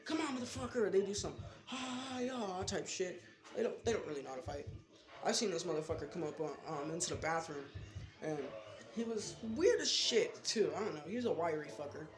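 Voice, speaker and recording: A man's voice: on the high side, lively intonation, a little fast. A young man in his late teens telling rambling, profane, slangy stories in a casual vlog from his bedroom. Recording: echoey room with music behind.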